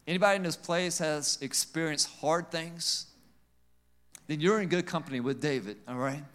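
A male pastor preaching a sermon with call-and-response amens, swinging between emphatic and quiet passages. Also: a little high, normal speed.

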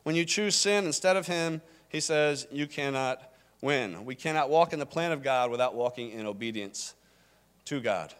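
High-voiced preacher, emphatic and repetitive. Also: male voice, normal speed, smooth. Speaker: pastor. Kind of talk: sermon.

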